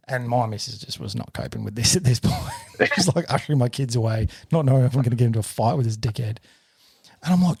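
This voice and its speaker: A man in his thirties with an Australian accent, a podcast co-host telling a story in a sweary, animated way. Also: medium pitch, quick pace, slightly rough, no echo, studio quality. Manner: sweary, animated retelling with shouted quotes. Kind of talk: casual storytelling.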